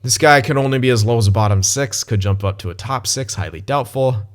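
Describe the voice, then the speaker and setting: A young man casually commenting on his gameplay as he plays, thinking aloud, swearing and blurting sudden excited outbursts. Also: medium pitch, brisk. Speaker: gaming channel host.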